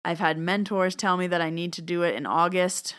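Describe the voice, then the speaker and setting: A woman hosting her own podcast, telling a personal story in a chatty, animated way and acting out what people said. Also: lowish voice, fairly quick, clear, resonant tone. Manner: chatty, animated, acts out quoted dialogue. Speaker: podcast host and medium. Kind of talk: casual storytelling monologue.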